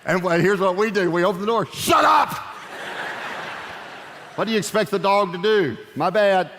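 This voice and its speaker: A man preaching a sermon as a pastor, animated and joking as he tells stories. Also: sits high, fast, crowd noise, noisy background. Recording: echoey hall reverb.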